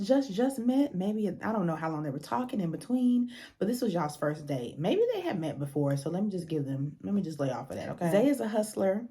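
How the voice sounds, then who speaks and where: A woman's voice: lowish voice, warm tone. A young woman giving a casual, blunt and profane recap of a reality show, acting out the people she quotes.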